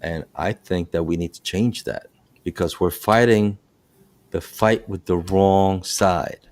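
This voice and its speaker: A middle-aged man with a deep, low-pitched voice hosts a casual podcast about his work as a bus operator. He tells road stories in an animated way, stumbling and restarting his sentences as he goes. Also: slow pace. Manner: animated storytelling with frequent restarts.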